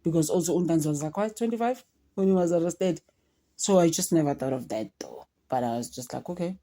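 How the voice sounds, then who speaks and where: A woman's voice: deep voice, lively intonation, a little fast, warm tone. A woman giving emotional, chatty commentary to her viewers, often addressing them directly. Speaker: commentary vlogger. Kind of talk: casual commentary.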